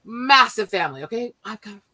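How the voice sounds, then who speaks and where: A woman telling family stories in a casual chat, animated and profane, often laughing as she talks. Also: fairly high pitch, brisk, poor audio.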